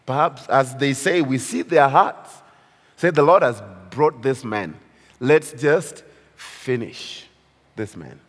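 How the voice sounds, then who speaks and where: A man preaching a sermon on a Bible passage, asking his listeners questions and laughing between lines. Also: on the high side. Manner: slow, lively preaching with laughs and rhetorical questions. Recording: reverberant hall.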